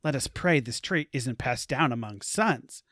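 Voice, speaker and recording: A man voicing a jovial young Amish man who jokes with his father, in a slow, deliberate delivery. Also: medium pitch, animated, fairly bright tone, dry recording, clean studio sound.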